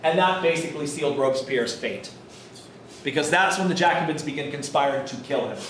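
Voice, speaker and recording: A man with a high voice gives a casual, storytelling college lecture. He is recorded from across an echoey classroom, with faint room noise behind him. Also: brisk, fairly bright tone, recorded from a distance. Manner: casual, storytelling, swears and laughs with students. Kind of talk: lively classroom lecture with acted-out quotes.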